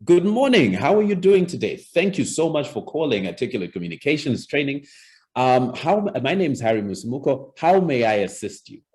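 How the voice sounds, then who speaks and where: A man voicing an eager, cheerful male phone receptionist giving a bright, enthusiastic greeting. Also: medium pitch, big pitch swings, brisk, pitched above the performer's own voice, lightly acted.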